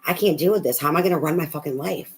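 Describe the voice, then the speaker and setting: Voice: medium pitch, very fast, slight background noise, close to an everyday voice. A tarot reader voicing a powerful, possessive man who is stunned and cursing in frustration. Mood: exasperated. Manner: profane, exasperated.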